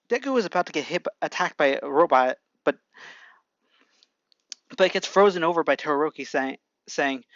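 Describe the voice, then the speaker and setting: An amateur fan-fiction narrator who rambles, restarts sentences often and clears their throat. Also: mid-range voice, animated, moderate pace, fairly bright tone, dry recording, muffled recording. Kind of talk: casual fan-fiction reading.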